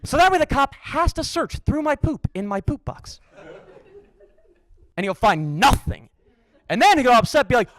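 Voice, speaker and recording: High, lively-voiced male stand-up comic. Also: moderate pace, long pauses, no room sound. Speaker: stand-up comedian. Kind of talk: stand-up set. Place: comedy stage.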